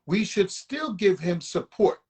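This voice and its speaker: A man's voice: high voice, big pitch swings, unhurried, a little mellow, husky. A man who leads a union local, speaking emphatically as a guest and often checking in with a "right?". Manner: emphatic, rallying, checks in with listener. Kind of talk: casual conversation.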